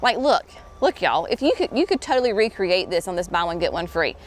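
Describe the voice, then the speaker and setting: A woman's voice: on the low side, very animated, fairly quick. A woman hosting a casual walkthrough of a plant nursery, chatty and enthusiastic, saying "y'all". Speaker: garden center host.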